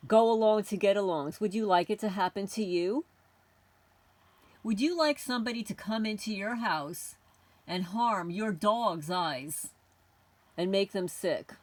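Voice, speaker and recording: A woman's voice: mid-range voice, lively intonation, a little slow, dry recording. A middle-aged woman hosting a homesteading channel, delivering an indignant, confrontational rant aimed at unseen tormentors. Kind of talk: ranting monologue to camera.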